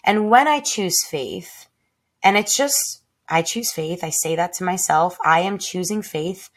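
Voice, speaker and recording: In her tiny home, a woman speaks straight to her listeners in a low, unhurried voice. Her reflection is raw and heartfelt, emotional and full of swearing, and she keeps giving herself spoken reminders.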